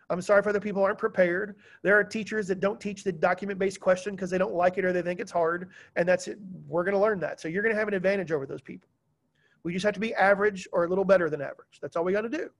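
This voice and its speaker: A man teaching a class, lecturing students in a lively, joking way and telling stories. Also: high voice.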